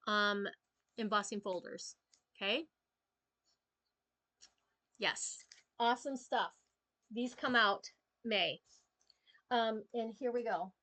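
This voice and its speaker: A woman chatting through a live papercraft demonstration, filling pauses with ums as she works. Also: mid-range voice, a bit bright, no room sound. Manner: chatty, many ums, talks while working. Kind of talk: casual live craft demo.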